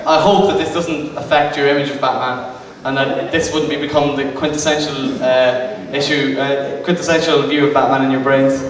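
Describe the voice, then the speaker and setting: A man's voice: mid-range voice, little pitch movement, normal speed, hardly any pauses. A man giving a comic lecture to a live audience, hesitant and self-mocking, full of ums and restarts. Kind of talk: stand-up style comic lecture. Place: arts centre venue with live audience. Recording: echoey hall recorded from far off, noisy.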